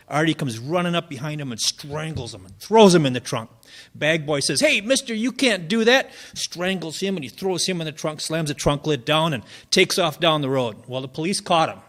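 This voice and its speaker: Folksy open-mic joke teller, a man with a slightly high voice who rambles through setups. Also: fairly quick. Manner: folksy, rambling storytelling with fillers. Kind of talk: telling jokes at an open mic.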